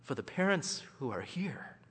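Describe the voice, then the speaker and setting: A man's voice: on the high side, very animated, normal speed, a bit bright, husky. A man giving an impassioned, emphatic public speech at a church event. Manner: emphatic, rising and falling for effect. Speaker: guest speaker at a church event. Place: large hall. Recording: reverberant hall.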